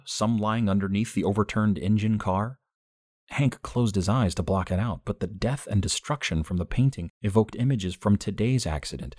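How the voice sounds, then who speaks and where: Deep husky male storyteller. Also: a little mellow, no echo, studio quality. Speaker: narrator. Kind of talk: audiobook fiction narration.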